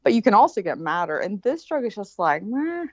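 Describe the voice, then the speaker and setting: A woman in her forties rambles through a story with plenty of swearing and animated asides. Her co-host chat comes through a dull, lo-fi line with a dry, close sound. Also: mid-range voice, fast, dry recording. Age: 40s. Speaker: show producer, co-host.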